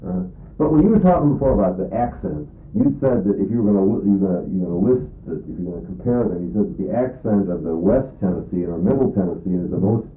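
Deep-voiced man on a tinny echoey line. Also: animated. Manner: halting, with many restarts and fillers. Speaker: interviewer. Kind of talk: casual recorded conversation. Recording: phone-like, echoey, faint hiss.

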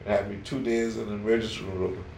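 An older man answering interview questions in a rambling, folksy way, with a gravelly voice. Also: on the low side, flat delivery, fast talker, a little mellow. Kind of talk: casual dialect interview. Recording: echoey room, distant mic, noisy.

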